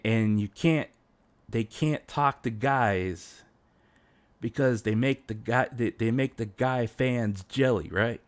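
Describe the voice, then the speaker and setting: A man's voice: mid-range voice, a little mellow, dry recording. A man streaming as a VTuber, ranting casually with many restarts and fillers. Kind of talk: casual livestream rant.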